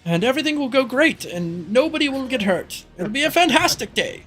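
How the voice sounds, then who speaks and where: A man's voice: extremely high pitch, sing-song, fairly quick, a bit bright, faint music behind, pitched above the performer's own voice, full character voice. A man voicing a cowardly, murderous male noble who fawns and gushes in a whiny voice. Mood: fawning. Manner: whiny, gushing, breathless.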